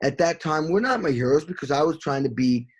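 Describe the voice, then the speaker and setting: A middle-aged man, a session drummer, telling animated stories in an interview, swearing freely and scatting drum beats. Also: fairly high pitch, a little fast, slightly rough.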